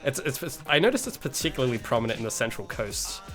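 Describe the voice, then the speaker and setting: A man's voice: medium pitch, sing-song, fast, fairly bright tone, faint music behind. A man with an Australian accent chatting casually with viewers on an indie game dev livestream, rambling and hedging, chuckling now and then. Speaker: indie game developer streaming.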